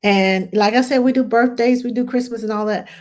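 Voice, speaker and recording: This woman, a longtime nanny, speaks briskly in a higher, darkish voice with fairly even intonation. She tells stories in casual conversation, imitating the people she quotes and laughing frequently.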